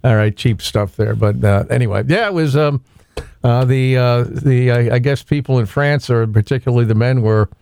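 A man hosting a morning radio trivia call-in, chatty with halting asides. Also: medium pitch, creaky, darkish tone, slight background noise. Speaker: radio host. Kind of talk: casual trivia call-in segment. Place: radio studio. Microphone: studio microphone.

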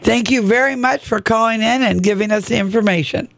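A man's voice: sits high, brisk, vocal fry, a bit bright, no echo. A man hosting a call-in radio show, chatting casually with a guest and callers into a close studio mic. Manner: chatty, conversational.

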